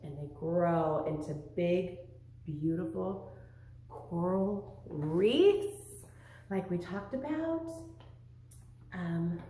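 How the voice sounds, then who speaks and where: Female teacher, young-kids lesson; slow, animated delivery with lively pitch, recorded in a very echoey room. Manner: sing-song, animated, questioning. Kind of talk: online lesson for young children.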